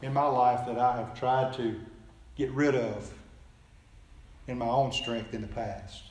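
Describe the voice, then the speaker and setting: A man preaching a sermon in earnest tones, often dropping soft and low at the ends of phrases. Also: measured pace, echoey room. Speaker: pastor.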